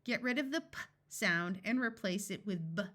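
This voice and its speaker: A woman with an American accent teaching a phonics lesson, sounding out each letter of short words slowly and clearly for young readers. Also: mid-range voice, lively intonation, fairly bright tone. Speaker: reading tutor. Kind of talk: slow phonics lesson for children.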